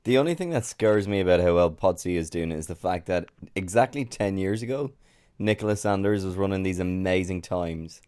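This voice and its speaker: Low-voiced man hosting a chat. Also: brisk, a little mellow, clear, resonant tone, no echo, studio quality. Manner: chatty, enthusiastic. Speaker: podcast host. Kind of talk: casual athletics chat.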